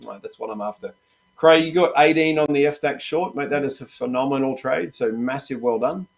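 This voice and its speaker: A man coaching traders in a live session, talking in an upbeat, chatty way. He keeps calling out to his viewers as "guys" while he gives them running market commentary. His voice sits at an ordinary, middle pitch. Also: brisk, gravelly. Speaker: trading coach and host.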